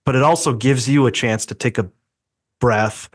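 A man's voice: mid-range voice, moderate pace, slightly rough. A man co-hosting a faith podcast, chatting casually and acting out quoted voices. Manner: animated, acts out quoted voices. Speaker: podcast co-host.

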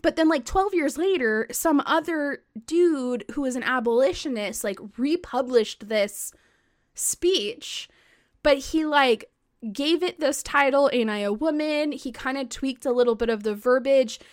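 A woman co-hosting a podcast, telling history in a casual, excitable way, full of "like" and the odd swear. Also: high-pitched, measured pace. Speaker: podcast co-host.

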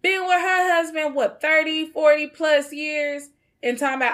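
A woman's voice: high-pitched, fairly even intonation, normal speed, a bit bright. A woman in casual chat, sassy, blunt and emphatic.

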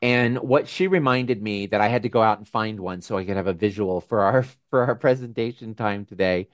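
A man hosting a casual video call with his members, talking in a gentle, musing way with frequent restarts. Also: fairly low pitch, a little fast, no room sound, clean studio sound. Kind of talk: casual reflective talk.

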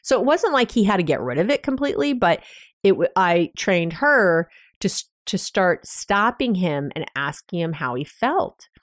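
A woman's voice: lowish voice, very animated, moderate pace, no room sound, studio quality. A woman, a couples therapist hosting her own podcast, talking relationship advice in a conversational, anecdotal way with small laughs and restarts. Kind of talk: solo podcast advice talk.

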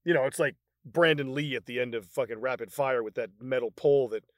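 A man's voice: mid-range voice, a little fast, dry recording. A man in his fifties in casual chat, laughing often and acting out movie lines as he talks. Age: 50s. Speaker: podcast co-host.

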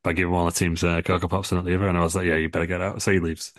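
A man's voice: low-pitched, little pitch movement, very fast, no echo. A man co-hosting a comedy podcast, telling a rambling made-up story with lots of ums, restarts and giggles. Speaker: podcast co-host.

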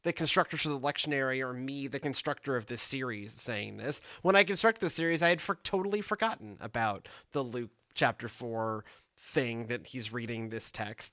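A man's voice: mid-range voice, dry recording, clean studio sound. A man, a pastor, talking casually about scripture in a podcast, rambling and checking in with "right?". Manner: rambling, animated, lots of "right?".

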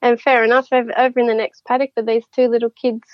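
A woman's voice: a little high, little pitch movement, fast, no echo. A woman telling a story as a podcast guest, chatty and rambling, laughing often. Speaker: psychic guest. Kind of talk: casual storytelling. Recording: dull lo-fi, dry.

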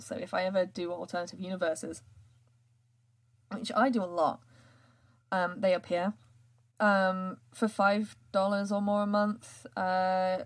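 A woman, hosting a podcast in casual chat, rambling with many fillers and frequent laughs. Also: medium pitch. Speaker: podcast host and writer.

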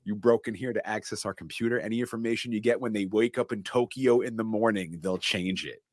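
A cornered male executive protests defiantly under threat, as a man reads his lines aloud. The voice is low, and the sound is dry and close. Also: a little fast, no echo, lightly acted.

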